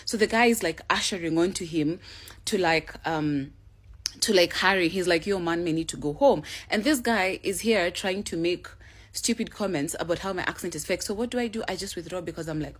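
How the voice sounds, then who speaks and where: Woman in her twenties, sarcastic storyteller, casual tone. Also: mid-range voice. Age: 20s. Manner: sarcastic, animated retelling with code-switching.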